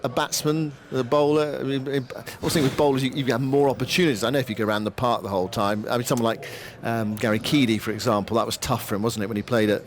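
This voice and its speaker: A man calls live cricket in a relaxed, conversational radio style. His voice sits at a middle pitch, and he chats easily with his co-commentator. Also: fast talker, few pauses, noisy background. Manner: relaxed, conversational, occasional slips.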